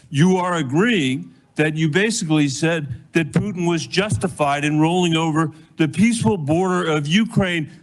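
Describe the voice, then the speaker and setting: A man questions a nominee at a formal hearing in a pointed, insistent way. His voice sits high for a man.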